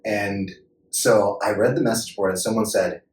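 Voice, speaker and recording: Lively low-voiced man telling stories. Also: moderate pace. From Joliet, Illinois, USA. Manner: lively anecdotal storyteller, laughs while talking. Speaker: actor, podcast guest. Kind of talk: casual interview storytelling. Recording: echoey room, mic at a distance, faint noise.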